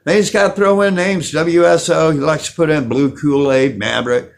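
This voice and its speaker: A man's voice: fairly high pitch, fairly even intonation, moderate pace, vocal fry. A middle-aged man hosting a casual vlog, preachy and combative, who repeats himself for emphasis. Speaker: channel host.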